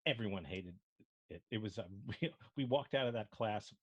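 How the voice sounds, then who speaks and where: A man's voice: fairly low pitch, normal speed, fairly bright tone, no echo, highs cut off. An older man from Brooklyn, with a faint Brooklyn accent, telling rambling stories with many restarts as an improv instructor. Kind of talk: casual discussion.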